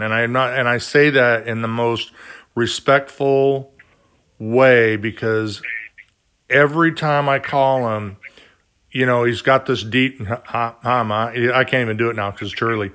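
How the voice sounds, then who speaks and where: A male interview host who talks casually and rambles a little. He stops and restarts his sentences and fills the gaps with ums. His pitch is in the normal middle range. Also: a bit bright. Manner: rambling, chatty, full of fillers.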